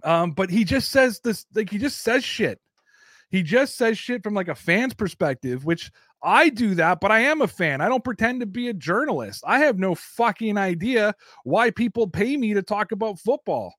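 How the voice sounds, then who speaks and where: A man's voice: high voice, animated, moderate pace, fairly bright tone, no room sound, studio quality. A Canadian man hosting a casual sports talk show, blunt, profane and opinionated. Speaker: sports podcast host.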